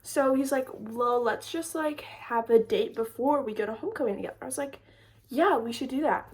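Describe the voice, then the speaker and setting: A young woman telling a storytime vlog story in a chatty, animated way, full of "like". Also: fairly high pitch, moderate pace. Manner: chatty, lots of "like", animated retelling. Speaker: storytime creator. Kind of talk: casual storytime chat.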